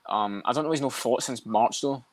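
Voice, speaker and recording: A man's voice: mid-range voice, dry recording. A man co-hosting a podcast, chatting casually and bluntly about fights with plenty of swearing. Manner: rapid, swears a lot, blunt. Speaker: podcast co-host.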